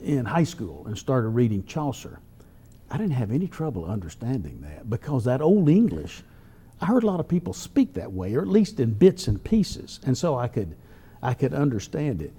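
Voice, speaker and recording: An older man, a columnist telling folksy stories in an interview at a drawn-out pace. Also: medium pitch, sing-song, mellow, slightly rough. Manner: folksy, drawn-out storytelling with chuckles. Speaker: newspaper columnist and humorist. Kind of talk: storytelling interview answers.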